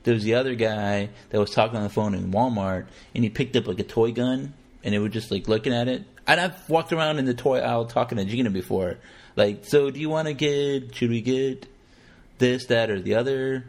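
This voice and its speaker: A man talking casually as a podcast host, animated and profane, acting out quotes in exaggerated voices. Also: medium pitch, fairly quick. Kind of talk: casual conversational commentary.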